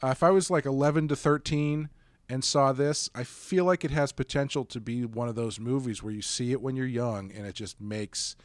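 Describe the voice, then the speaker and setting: A man's voice: mid-range voice, moderate pace, no echo. Male podcast co-host, casual and rambling, dry close sound. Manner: rambling, self-correcting, relaxed. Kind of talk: casual chat.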